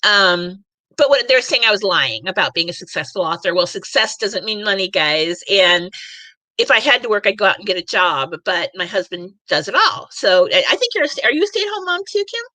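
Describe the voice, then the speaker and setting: Woman podcast host in her forties, emotional and rambling, with a bright, dry voice. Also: mid-range voice, big pitch swings, fairly quick, dry recording. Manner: emotional, rambling, many fillers. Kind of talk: live panel show chat.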